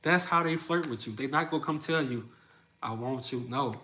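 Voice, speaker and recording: A man's voice: medium pitch, moderate pace, bright, forceful tone. A man from the Midwest of the US chatting loosely with viewers on his live stream, laughing often and talking in slang. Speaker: livestream host. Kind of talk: casual livestream chat with viewers.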